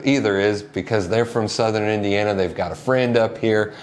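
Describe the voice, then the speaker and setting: Low-voiced man telling a casual story. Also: brisk, hardly any pauses. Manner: animated anecdote telling, acting out quoted voices. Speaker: funeral home co-owner.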